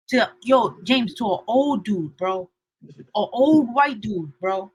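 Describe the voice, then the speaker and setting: A young woman co-hosting a podcast, telling a story in animated casual chat and acting out the people she quotes. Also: unhurried, slightly rough, no echo, rough recording. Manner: lively, acts out quotes with shifting pitch and loudness. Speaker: podcast co-host.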